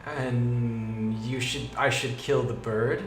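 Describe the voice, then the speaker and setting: A male game master narrates a tabletop game over a voice call in an animated, goofy way, full of exclamations. His voice sits in the middle of the male range and rings in an echoey room with a faint hiss behind it. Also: mid-range voice, slow.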